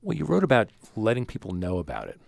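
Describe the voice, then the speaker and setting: A man's voice: lowish voice, huge pitch swings, fast, creaky, dry recording. A man hosting a radio show, introducing a guest and asking probing questions in a conversational way. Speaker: radio host. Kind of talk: radio interview. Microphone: studio mic.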